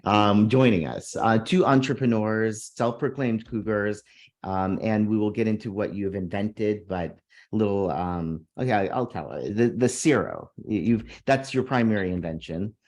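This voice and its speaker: A man with a very low, deep voice, co-hosting a casual podcast. He talks in playful, teasing banter and jokes around with his co-host and guests. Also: normal speed, darkish tone. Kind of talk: casual chat.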